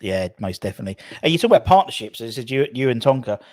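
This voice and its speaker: A man's voice: mid-range voice, sing-song, fast talker, darkish tone, no echo, studio quality. Enthusiastic male fan-channel host. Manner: enthusiastic, reading viewer questions. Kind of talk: casual live chat.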